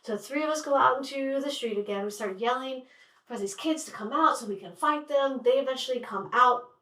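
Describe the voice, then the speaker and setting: Woman storyteller, wry and chatty, somewhat high, mic far off in an echoey room. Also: brisk, sharp tone. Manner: wry, conversational, with lots of "like". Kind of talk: personal storytelling. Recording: roomy sound from a distant mic.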